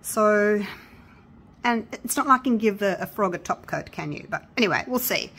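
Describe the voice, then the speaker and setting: A woman chatting casually through a resin crafting tutorial, excitable and gushing with delight. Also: medium pitch, moderate pace, husky. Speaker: craft vlogger.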